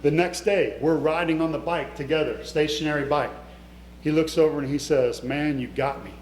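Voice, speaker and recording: A man's voice: on the high side, steady tone, moderate pace, darkish tone. A middle-aged man giving an emotional, conversational motivational talk in an event hall, speaking straight to his audience. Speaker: keynote speaker. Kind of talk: motivational storytelling speech. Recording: echoey hall with faint hum.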